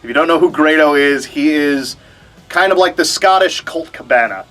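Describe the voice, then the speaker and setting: A young man hosts a casual wrestling vlog and talks straight to camera in a wry, mock-reluctant way. His voice sits a bit high for a man. Faint music plays behind him. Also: normal speed, a bit bright. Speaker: wrestling show host.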